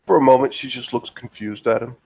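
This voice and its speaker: A man's voice: medium pitch, brisk, creaky, warm tone. A man playing a tabletop role-playing game, describing his character's actions hesitantly with many fillers. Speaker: player.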